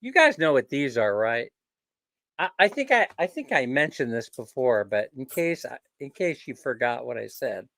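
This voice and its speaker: A man's voice: medium pitch, sing-song, moderate pace, a bit bright, no room sound. A man hosting a casual live stream, rambling and joking, chuckling often. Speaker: livestream host.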